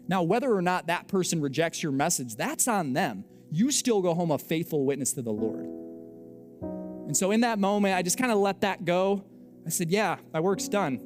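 A young adult man, a pastor, telling a story in a sermon with animated, self-mocking delivery and acted-out dialogue. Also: on the high side.

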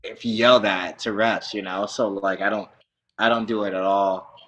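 A man who coaches wrestling chats loosely as a guest, his voice sitting a little low. He rambles through stories, swears freely and laughs often. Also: steady tone, normal speed, a bit bright. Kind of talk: casual chat.

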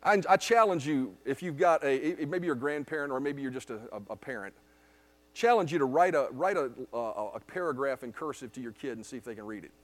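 A man's voice: medium pitch, lively intonation, brisk. A man preaching a sermon at a church service, emphatic, often checking with the congregation by asking "right?". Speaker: pastor.

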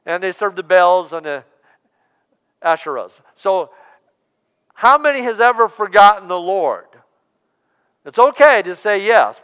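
A man's voice: sits high, fairly bright tone, smooth, big-room sound. A man preaching a sermon as pastor, drawing out key words and asking the congregation to respond aloud. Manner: preaching with call-and-response, drawn-out emphasis. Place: church sanctuary.

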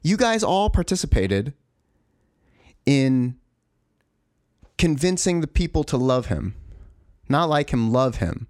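A man's voice: medium pitch, very animated, slow, pauses often, a little mellow, no echo, clean studio sound. A man in a profane, exasperated, rambling rant, full of restarts and asides. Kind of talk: ranting monologue.

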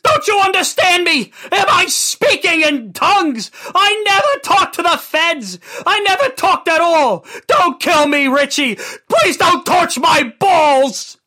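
A man voicing a terrified young mobster who cries and pleads for his life in a high, shrill voice. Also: very animated, slow pace, hardly any pauses, pushed and bright, full character voice. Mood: desperate. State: crying.

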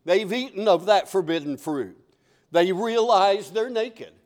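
A man's voice: high voice, expressive, measured pace, darkish tone. An older man preaching a sermon as pastor, conversational and repeating key phrases.

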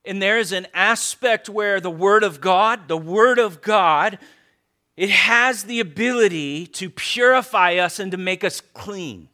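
Male pastor, high and bright voice, conversational sermon delivery with repeated emphatic phrases. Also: measured pace.

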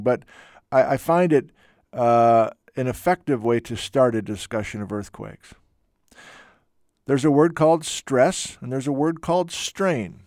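A man teaching geology in a lively lecture, chatty and self-deprecating, with playful asides. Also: medium pitch, no room sound, studio quality. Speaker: geology instructor. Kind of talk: enthusiastic lecture.

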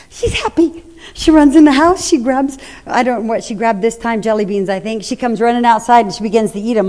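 A woman's voice: fairly high pitch, expressive, normal speed. Middle-aged woman preacher, conversational storytelling sermon, long hall echo. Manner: conversational, anecdotal, addresses the congregation. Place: church hall. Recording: echoey hall reverb.

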